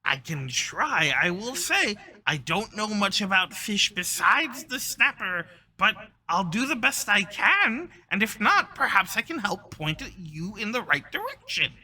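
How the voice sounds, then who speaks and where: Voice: mid-range voice, big pitch swings, unhurried, few pauses, sharp tone, husky, voice pushed up, full character voice. A game master voicing an eager young female kobold fish seller who talks in broken, gushing phrases. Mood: warm. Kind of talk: tabletop role-play voice.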